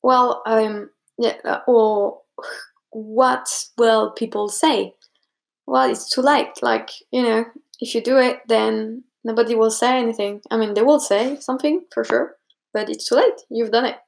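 A woman's voice: fairly high pitch, fairly even intonation, measured pace, creaky. A young woman talking casually to camera, giving advice. She rambles, with plenty of fillers and restarts, and acts out what other people said to her.

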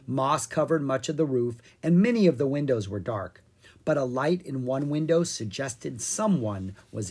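A storybook narrator reading a children's book aloud in an animated way. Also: medium pitch, husky. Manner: animated, expressive. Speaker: audiobook reader.

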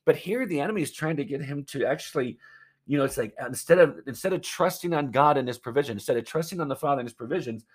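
A man's voice: on the high side, lively intonation, fast talker, husky. A man preaching a sermon in an earnest, emphatic way, often calling his listeners friends. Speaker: pastor.

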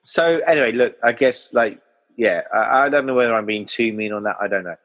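A man's voice: mid-range voice, a little fast, fairly bright tone, low-quality recording. A man co-hosting a casual film discussion, retelling the plot and laughing often. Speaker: film podcast co-host.

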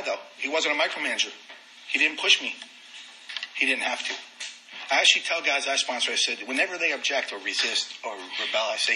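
A man sharing his recovery story in a frank, lively way, with self-deprecating humor. His voice is very bright and sharp-edged, sitting at an ordinary middle pitch. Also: slight background noise, poor audio. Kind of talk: personal testimony talk.

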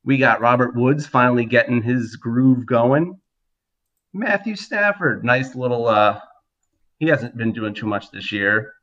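A man hosting a podcast, briskly steering the casual chat along. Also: medium pitch, lively intonation, fairly bright tone, muffled recording. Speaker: podcast host.

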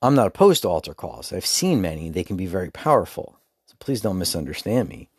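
Low-voiced man hosting a candid podcast. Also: very animated, brisk, breathy edge, dry recording, clean studio sound. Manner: candid, informal and conversational. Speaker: podcast host. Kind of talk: casual solo podcast monologue.

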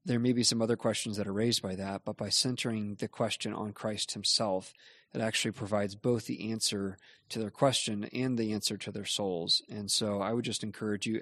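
Earnest pastor, lower voice, dry sound. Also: male voice, fairly bright tone, no room sound. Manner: measured, earnest explaining. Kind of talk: Bible teaching in a question-and-answer show.

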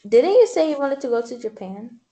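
A woman's voice: sits high, big pitch swings, fairly quick, warm tone. A young American woman co-hosting a casual podcast, playful and goofy. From United States. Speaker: podcast co-host.

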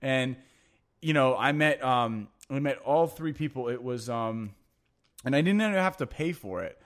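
A man's voice: medium pitch, lively intonation, a little slow, a bit bright. A man telling long, rambling anecdotes in casual chat, full of fillers like "like" and "you know" and frequent swearing.

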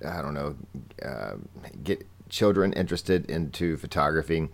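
A man's voice: very deep voice, normal speed, creaky. A man hosting a casual podcast, asking rambling, hesitant questions full of fillers. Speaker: podcast host.

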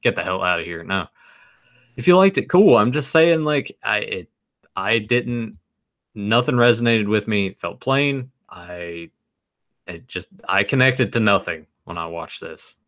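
A man's voice: fairly low pitch, animated, measured pace, a bit bright. A man co-hosting a casual podcast chat, stammering through restarts, blunt and joking. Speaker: podcast co-host.

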